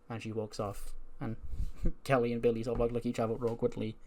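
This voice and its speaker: A man's voice: medium pitch, flat delivery, fast, warm tone. Man, game narrator, casual commentary, chatty, laughs often. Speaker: let's play narrator.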